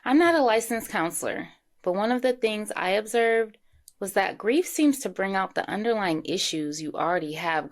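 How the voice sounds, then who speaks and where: A woman host sums up the episode in a measured, reflective manner, reading from a script. Her voice sits a little low. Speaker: podcast host. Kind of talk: recapping and reflecting.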